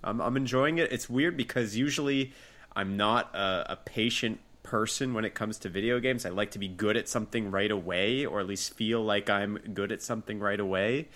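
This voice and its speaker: A man co-hosting a casual podcast and telling stories in a relaxed, easygoing way. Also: lowish voice, moderate pace. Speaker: podcast co-host.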